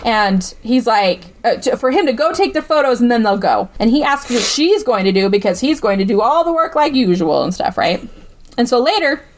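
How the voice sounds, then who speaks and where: A woman's voice: on the high side, lively intonation, moderate pace. A woman co-hosting a podcast, recapping a film in casual chat, peppering her talk with "like" and "right?" and sarcastic about what she saw. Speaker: podcast co-host.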